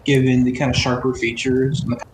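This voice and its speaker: A man's voice: mid-range voice, level tone, a little fast. A young man narrating as game master, rambling and full of fillers. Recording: echoey room with noise.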